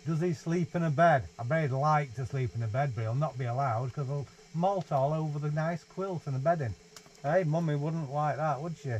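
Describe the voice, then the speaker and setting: A man's voice: fairly high pitch, moderate pace, a little mellow, low-quality recording. A young man, reading a picture book aloud to his baby in playful sing-song baby talk, inside a small caravan. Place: small holiday caravan, indoors. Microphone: 360 VR camera nearby.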